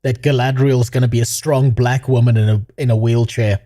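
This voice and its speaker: A man's voice: medium pitch, fairly even intonation, fairly quick, dark tone. A man ranting casually as a gaming streamer, swearing, mocking and laughing often. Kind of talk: casual commentary rant.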